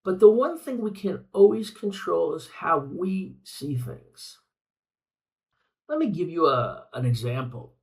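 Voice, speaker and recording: A man's voice: on the high side, expressive, unhurried, vocal fry, a little mellow, recorded from a distance, rough recording. An older man hosting a reflective podcast monologue, speaking earnestly and repeating phrases for emphasis. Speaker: podcast host.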